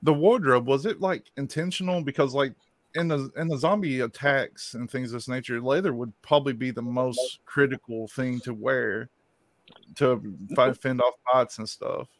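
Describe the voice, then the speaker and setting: A man's voice: mid-range voice, moderate pace, no room sound, low-quality recording. A man on an interview panel, chatting in a laid-back way, often saying "like" and swearing now and then. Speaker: show panelist. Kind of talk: casual interview chat.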